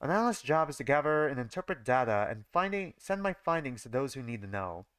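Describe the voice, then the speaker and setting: A man's voice: mid-range voice, sing-song, fast talker, fairly bright tone, clean tone, no echo. A man reading the lines of a reserved, socially awkward young woman analyst in a terse, matter-of-fact way. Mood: flat.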